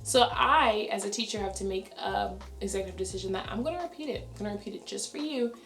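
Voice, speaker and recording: A young adult woman, a schoolteacher, talking fast and chatty in a casual vlog, her voice raspy and tired. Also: medium pitch, fairly bright tone, reverberant, faint music behind. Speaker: elementary school teacher. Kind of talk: casual vlog talk to camera.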